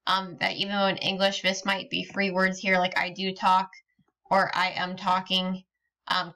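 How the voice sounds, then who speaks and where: A woman's voice: fairly low pitch, completely flat delivery, moderate pace, bright, forceful tone. A woman teaching a recorded lesson, explaining patiently step by step with frequent ums. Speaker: Spanish teacher.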